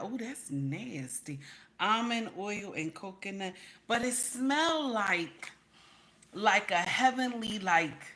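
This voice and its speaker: A woman's voice: lowish voice, bright, forceful tone. A woman hosting a casual livestream, chatting with her viewers, greeting them by name and calling them baby and honey. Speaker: livestream host reading viewer chat.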